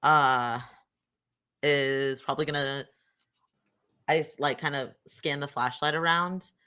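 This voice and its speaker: A tabletop game player who rambles and thinks out loud while deciding what their character does. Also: mid-range voice, steady tone, slow pace, smooth. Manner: rambling, giggly, thinks aloud. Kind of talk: tabletop role-play chat.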